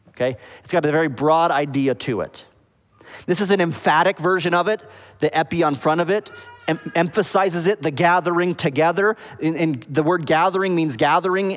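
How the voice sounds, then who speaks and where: A man preaching a sermon with a slightly raised voice, explaining words step by step. He keeps checking with the congregation to see if they follow. His voice rings out with a long reverb, as in a church hall. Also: on the high side. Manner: explains word meanings, asks the congregation "okay?" and "does that make sense?". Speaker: pastor.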